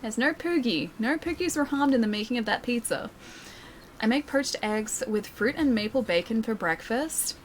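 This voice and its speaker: A woman's voice: on the high side, lively intonation, normal speed, a little hiss or hum. A female streamer chatting casually while playing a game and reading chat aloud, self-deprecating and laughing often.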